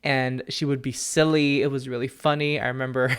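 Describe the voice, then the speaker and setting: A young man hosting a solo podcast from home, talking candidly and earnestly, often with a soft laugh. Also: mid-range voice, fairly even intonation, normal speed, few pauses, clean tone. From family from Peru. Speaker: podcast host, psychic medium. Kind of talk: reflective solo podcast talk. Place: at home with his dog.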